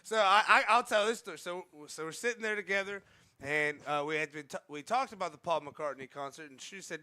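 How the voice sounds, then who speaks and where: Male podcast co-host, high and sharp-toned, joking, quick asides. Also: smooth. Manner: chatty, joking, quick interjections. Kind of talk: casual chat.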